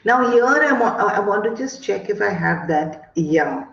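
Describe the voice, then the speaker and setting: An Indian woman with an Indian English accent leads an online teacher training session, slowly telling classroom stories packed with fillers. Her medium-pitched voice is expressive and a bit bright with some vocal fry, heard over echoey, dull video call audio.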